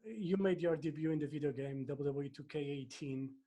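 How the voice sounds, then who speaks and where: A man's voice: fairly high pitch, a little fast, mellow. A man interviewing an athlete, asking friendly, playful questions.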